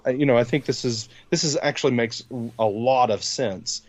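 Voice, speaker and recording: A man's voice: medium pitch, normal speed. A man co-hosting a tech podcast, talking casually with many fillers and restarts. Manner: hesitant, filler-heavy. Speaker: podcast co-host. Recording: dull, dry sound.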